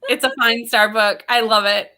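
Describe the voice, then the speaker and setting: Bright-voiced, giggly woman chatting. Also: on the high side, steady tone, normal speed. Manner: chatty and giggly, acts out quotes. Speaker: co-host of a livestream reading sprint. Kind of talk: casual chat.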